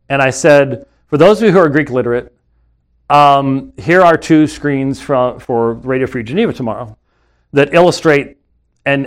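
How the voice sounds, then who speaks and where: A man with a somewhat high speaking voice hosts a live webcast from his studio. He argues his points emphatically and off the cuff, often restarting his sentences as he presses on. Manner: emphatic, argumentative, with frequent restarts. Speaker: webcast host and Bible teacher. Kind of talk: unscripted live commentary. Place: studio with screens and computer.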